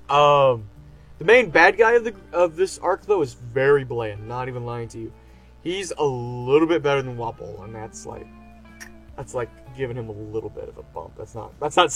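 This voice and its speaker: A man giving a casual, enthusiastic review, rambling with lots of fillers. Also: medium pitch. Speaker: anime reviewer.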